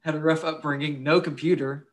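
A man's voice: fairly high pitch, steady tone, fairly quick. A young man co-hosting a casual true-crime podcast, crude and swearing freely, laughing while he tells grim facts. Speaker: podcast co-host.

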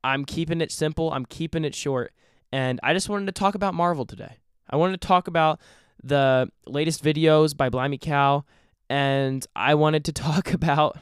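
A man's voice: a little high, normal speed, clear, resonant tone, dry recording, clean studio sound. A playful young man hosting a casual comedic podcast, joking around and telling puns. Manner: playful, jokey, freestyles and puns. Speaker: podcast host.

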